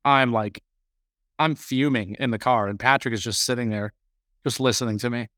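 A man co-hosting a podcast, telling a long story in a rambling, animated way during casual chat. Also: medium pitch, moderate pace, no room sound, clean studio sound. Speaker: podcast co-host.

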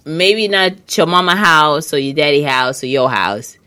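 A woman's voice: low voice, expressive, measured pace, sharp tone, smooth. A woman hosting a casual advice monologue, blunt and emphatic, swearing and repeating herself, hiccuping. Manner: emphatic, repetitive, blunt with profanity.

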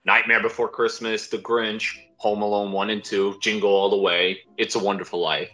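A man with a lowish voice and a bright, forceful tone chats casually on a podcast. He rambles emphatically and swears now and then. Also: level tone, normal speed. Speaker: podcast co-host. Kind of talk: casual chat.

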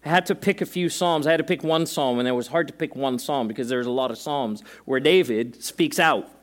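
A man's voice: mid-range voice, brisk. A male pastor preaching a sermon to a congregation in a church service, talking conversationally with joking asides and emphatic repetition.

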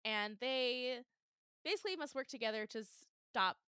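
A young adult woman hosting a casual fandom podcast, animated and laughing often as she acts out her reactions. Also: fairly high pitch, normal speed, clear, resonant tone, no room sound, clean studio sound. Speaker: podcast host. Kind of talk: casual chat.

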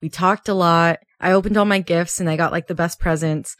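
A woman in her late twenties, chatting casually as a podcast co-host. She laughs often and acts out quotes in a higher voice. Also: steady tone, a little fast, fairly bright tone, no echo, studio quality. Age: 20s. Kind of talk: casual chat.

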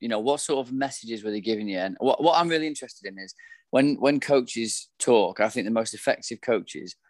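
A man's voice: medium pitch, expressive, fairly quick, no echo, studio quality. A man hosting a podcast who asks questions hesitantly, repeating words as he frames them. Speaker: podcast host. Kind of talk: casual podcast interview.

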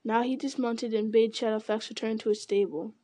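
A woman reading an audiobook in a measured narrating voice, with occasional slips. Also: a little high, steady tone, warm tone.

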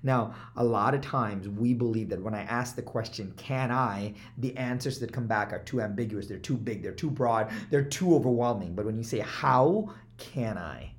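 A man, a business coach, giving an energetic motivational talk with repeated rhetorical questions that swing from loud to hushed. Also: lowish voice, normal speed, hardly any pauses.

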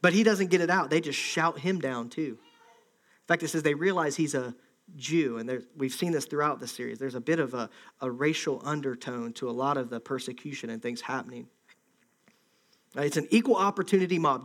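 Speaking fairly quickly, a man with a fairly bright, higher-leaning voice preaches a sermon in a conversational way. As pastor, he acts out what an angry crowd says.

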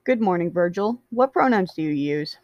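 A woman's voice: lowish voice, expressive, no room sound, dull audio, natural voice. A composed, bookish young man who speaks politely and evenly, as a woman reads his lines. The voice is close to her own. It sounds dry and close. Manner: polite and measured.

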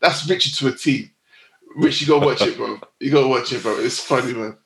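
A man co-hosts a podcast in an eager, excitable way. He talks very fast, and his voice carries a roomy, echoey sound. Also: mid-range voice, gravelly. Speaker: podcast co-host. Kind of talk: casual chat.

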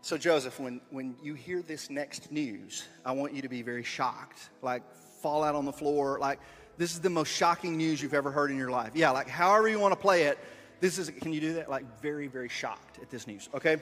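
Playful high-voiced man leading a kids' skit. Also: a little fast, fairly bright tone, in a large hall, soft background music. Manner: playful, encouraging, coaching. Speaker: leader of a children's skit. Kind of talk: reading a story aloud while directing volunteers. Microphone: wearing a body mic.

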